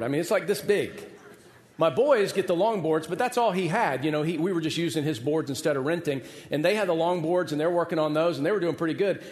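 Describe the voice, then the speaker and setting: A man in his forties, a pastor preaching a sermon, telling a personal story with humor and self-deprecating asides. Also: on the high side. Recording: echoey hall, long reverb.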